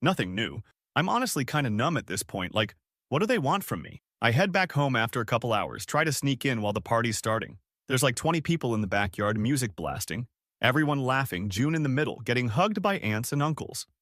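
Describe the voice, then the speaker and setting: A man's voice: medium pitch, big pitch swings, brisk, fairly bright tone, no room sound, studio quality. A man in his twenties narrating his own story in a casual, slangy first-person style. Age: 20s. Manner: casual, slangy, spelled-out abbreviations.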